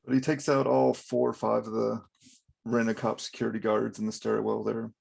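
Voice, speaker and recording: A man's voice: fairly low pitch, little pitch movement, normal speed, vocal fry, a little mellow, husky. A man hosting a casual comic book review, talking with wry, laughing commentary. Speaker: channel host.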